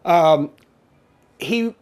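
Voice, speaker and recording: A man's voice: fairly high pitch, lively intonation, very slow, a little mellow, clean tone. A man hosting a call-in talk show, ranting with sarcasm and rambling through many restarts. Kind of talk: opinionated political rant.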